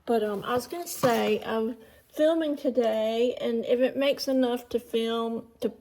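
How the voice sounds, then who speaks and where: A woman's voice: a little high, a little slow, a little mellow, slight background noise. A middle-aged woman, rambling casually through a home vlog in her living room and often trailing off to start over. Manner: rambling, chatty, trails off and restarts. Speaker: vlogger.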